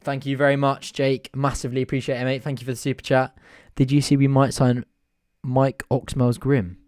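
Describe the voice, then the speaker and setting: A man hosting a live football watch-along, mixing casual match commentary with chatty, excitable asides and frequent laughs. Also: mid-range voice, fairly quick. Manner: chatty and excitable, laughs often, thanks viewers mid-commentary.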